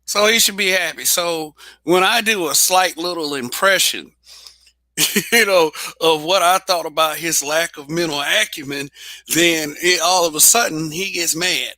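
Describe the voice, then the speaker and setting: A man's voice: a little high, unhurried, sharp tone, dry recording. A man hosting a casual livestream monologue, blunt and profane, laughing often. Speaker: show host.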